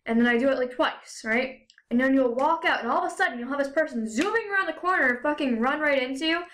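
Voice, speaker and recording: A woman's voice: sits high, expressive, fast talker, a bit bright, a little hiss or hum. A young woman vlogging in a casual, sarcastic, profane rant, full of "you know" and "like" fillers. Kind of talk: ranting casual vlog.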